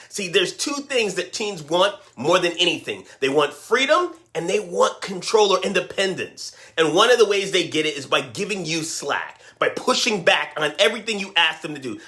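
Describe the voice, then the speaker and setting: Lively, bright-voiced male coach. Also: a little high, moderate pace. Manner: energetic, emphatic, addresses viewers directly with questions. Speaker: parenting and teen life coach. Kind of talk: direct-to-camera coaching talk.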